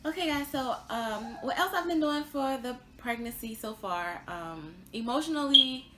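A woman's voice: high-pitched, lively intonation, moderate pace, pushed and bright, roomy sound. A pregnant young woman vlogging a casual update, chatty and rambling with lots of fillers and little laughs. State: pregnant, tired.

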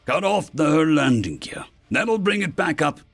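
Narrator doing a rough scarred space pirate type, thick accent, blunt, talks a bit high and bouncy. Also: male voice, big pitch swings, moderate pace, faint music behind, full character voice. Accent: thick foreign accent. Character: scarred roguish human spacer man, blunt and reckless.

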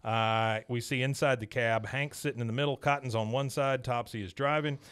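A man hosting a podcast, giving a casual, animated scene-by-scene recap of an episode. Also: mid-range voice, fairly quick, smooth. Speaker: podcast host.

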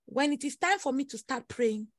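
Emphatic high-voiced woman preaching. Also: lively intonation, normal speed, dry recording. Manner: emphatic, repetitive, dramatic exclamations. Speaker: prophetess leading prayer. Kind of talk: prophetic sermon over prayer call.

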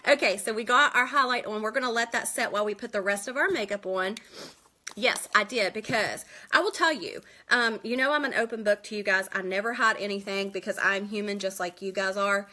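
A woman from West Virginia hosting a casual live makeup tutorial from home, chatty and quick, greeting viewers by name. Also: mid-range voice, bright, forceful tone. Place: at home indoors.

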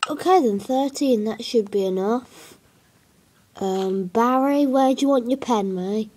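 A woman's voice: fairly high pitch, unhurried, a little mellow, slight background noise. A woman giving casual gameplay commentary, hesitant and rambling with many fillers. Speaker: gaming video creator.

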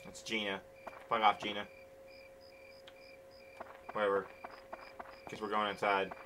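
Video game music runs beneath this man's low, monotone voice as he speaks at a measured pace amid background noise. He's commentating casually on his own gaming channel while playing, impatient, grumbling, and frequently profane.

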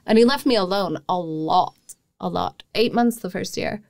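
Woman, 30s, podcast guest; lively storyteller, mid pitch, dry close mic. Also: normal speed, creaky, no room sound. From Wisconsin, USA. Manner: lively, acts out quoted exchanges. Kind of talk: casual storytelling chat.

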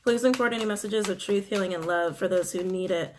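A woman's voice: medium pitch, quick pace, noisy background. A woman giving a casual tarot reading, musing aloud and repeating her phrases. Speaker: tarot reader.

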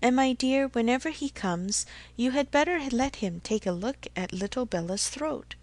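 A woman's voice: on the high side, expressive, moderate pace, pitched above the performer's own voice, lightly acted. A woman reading the part of a fussy, anxious elderly father who frets fondly over his family's health. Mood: fretful fond. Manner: fretful, fond, repeats endearments. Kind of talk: audiobook character reading.

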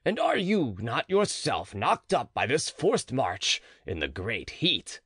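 A man's voice: medium pitch, huge pitch swings, slow pace, fairly bright tone, slightly rough, no room sound, studio quality, heavily acted. A man voicing a portly, worn-out provost who speaks in a heavy, formal and polite way. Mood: pleading. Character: portly, worn-out middle-aged male provost.

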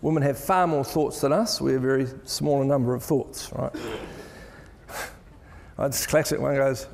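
A man's voice: mid-range voice, normal speed, gravelly. A middle-aged man with a New Zealand accent giving a chatty, jokey conference talk full of stories. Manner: chatty, jokey, animated storytelling. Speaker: keynote speaker. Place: large event hall. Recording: long hall reverb.

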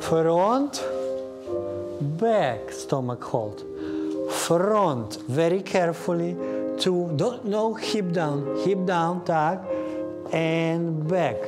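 Ballet teacher with a Russian accent counting slowly. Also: mid-range voice. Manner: counts beats aloud, gives brisk corrections to students by name. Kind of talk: live ballet class instruction. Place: ballet studio. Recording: class music playing behind. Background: piano accompaniment.

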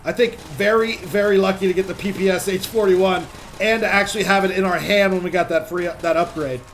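A young man casually commenting on his own gameplay as a channel host, chatty and excitable, swearing when things get tense. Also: sits high, a little fast, a little hiss or hum.

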